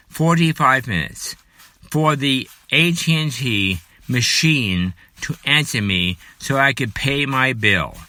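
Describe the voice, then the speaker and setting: A man delivering an angry political rant, shouting and repeating himself, then quieting down to apologize for his anger. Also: dry recording. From United States. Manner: furious, shouting, repetitive, later apologetic and lower. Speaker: political commentator.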